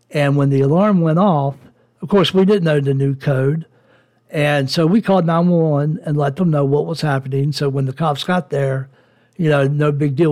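A man's voice: on the high side, a little mellow. A man in his forties hosting a podcast, telling a personal story as a profane, heated rant. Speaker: podcast host.

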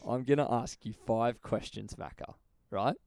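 A man running a quick word game with a friend, teasing, laughing and swearing as he goes. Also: mid-range voice, creaky, a little mellow, no echo, studio quality. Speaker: podcast co-host. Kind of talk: casual game banter.

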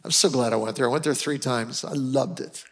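A man's voice: mid-range voice, a little fast, creaky. An American man preaching a sermon, telling personal travel stories in a heartfelt, emotional way with frequent restarts. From United States. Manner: storytelling, emotional, with many restarts. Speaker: pastor.

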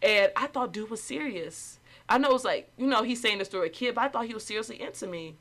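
Animated young woman telling a story. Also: quick pace. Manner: animated, acts out quotes in higher voices. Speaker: after-school program staff. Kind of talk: casual storytelling.

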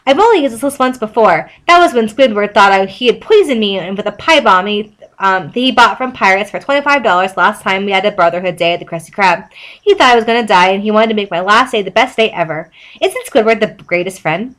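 A woman voicing a cheerful, naive male sea sponge in a high, eager, sing-song way while reading fan fiction aloud. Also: lively intonation, fast talker, fairly bright tone, close to an everyday voice. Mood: chirpy.

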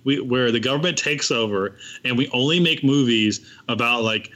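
A young man chatting casually on a podcast, rambling and profane as he tells animated stories. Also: mid-range voice, moderate pace.

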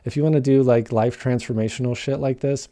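Very dark-voiced, profane man. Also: mid-range voice, fairly even intonation, a little fast. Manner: raw, heavily profane, emphatic; rambling, repeats and restarts phrases. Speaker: motivational speaker sharing his recovery story. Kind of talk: candid personal monologue.

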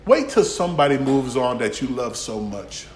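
A man preaching a folksy sermon, swinging from shouts to near-whispers. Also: medium pitch, very animated, normal speed, roomy sound, slight background noise. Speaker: pastor.

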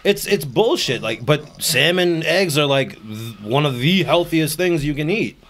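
A man's voice: fairly high pitch, lively intonation, unhurried, a bit bright. A man chatting casually on a podcast, laid-back and swearing freely while telling travel and food stories. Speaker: podcast co-host. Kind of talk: casual chat.

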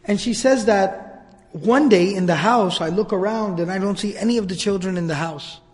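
A man giving a religious storytelling lecture, conversational and animated, with many repetitions. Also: high voice, moderate pace, in a large hall. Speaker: religious teacher.

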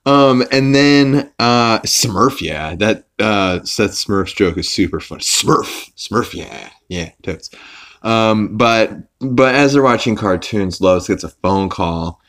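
A man hosting a podcast, casually recapping a cartoon episode in a rambling way with fillers and quick put-on voices for quotes. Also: lowish voice, fairly bright tone. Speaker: podcast host.

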